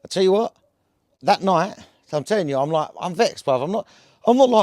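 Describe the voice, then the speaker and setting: This cannabis vlogger's voice is high, brisk, and a little mellow, captured with clean studio sound and no echo. He rambles casually to camera in slangy, chatty speech, filling gaps with fillers and tag questions like "yeah?"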